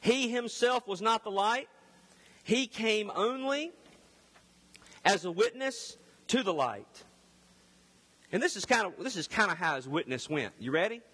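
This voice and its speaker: A male pastor with a Southern accent from the Delta, preaching a loud and emphatic sermon. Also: sits high, lively intonation, a little slow, long pauses, slightly rough, big-room sound. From Mississippi Delta, US South.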